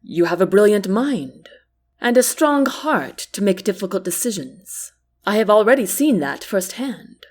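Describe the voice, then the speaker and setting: A woman voicing a calm, kind young prince in an audiobook, speaking softly and earnestly. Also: medium pitch, measured pace. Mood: gentle. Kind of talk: audiobook character reading.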